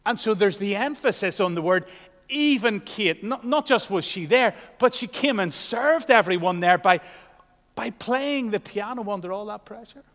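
Guy preaching, bit high voice, earnest, gets loud then goes real quiet, long hall echo. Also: expressive, normal speed. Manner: earnest, swings from loud proclamation to soft near-whisper. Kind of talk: sermon.

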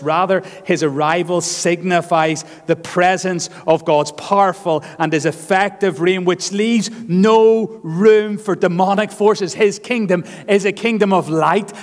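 A man preaching a sermon as pastor, earnest and emphatic, leaning on repeated phrases. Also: high voice. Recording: long hall reverb.

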